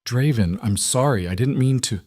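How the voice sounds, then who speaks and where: A man's voice: medium pitch, normal speed, darkish tone, dry recording, clean studio sound, pitched above the performer's own voice, lightly acted. A man voicing a desperate young woman with fire powers, urgent and defiant, in a storybook reading. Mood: shaken.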